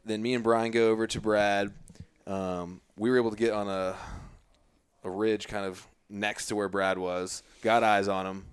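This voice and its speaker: A man with a smooth, resonant, fairly low voice talks on a podcast. He recounts his hunt in a relaxed way full of fillers, recorded dry and close. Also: moderate pace, no room sound. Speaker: podcast guest and fellow host. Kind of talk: casual podcast chat.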